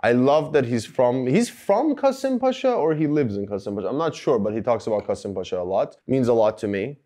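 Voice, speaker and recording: A man's voice: medium pitch, big pitch swings, moderate pace, dark tone. A man hosting a film-review talk to camera, rambling with sarcastic jokes and asides. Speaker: show host reviewing films.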